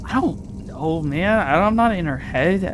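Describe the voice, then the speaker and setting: A game master voicing a hurt, sullen teenage boy in a tabletop role-play, speaking in quiet mumbles. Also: mid-range voice, expressive, normal speed, background noise, natural voice.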